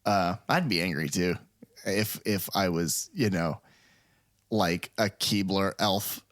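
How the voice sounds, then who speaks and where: This podcast co-host is a man with a low, fairly bright voice who speaks slowly. In casual chat he rambles through stories, packing them with fillers and swearing.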